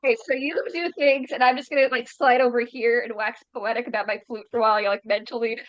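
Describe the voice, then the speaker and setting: A woman guest player gushes playfully at the game table. Her voice is fairly high and dry, and her mic sounds dull and lo-fi. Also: fairly even intonation, fast talker, no echo. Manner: gushing, playful. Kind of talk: casual play chat.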